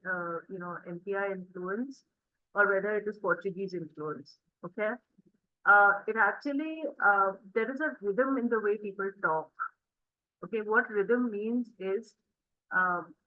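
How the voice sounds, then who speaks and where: A woman's voice: medium pitch, no room sound, phone-quality sound. A woman teaching an interactive spoken English class, explaining patiently and encouraging her students. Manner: encouraging, explanatory, many fillers.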